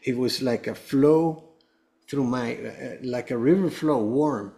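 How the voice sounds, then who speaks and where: An earnest man tells a personal story as a guest, his voice sitting at an everyday middle pitch. He wanders through the telling and keeps backing up to restart his sentences. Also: slow, warm tone. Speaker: guest, cancer survivor. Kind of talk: personal testimony told to a host.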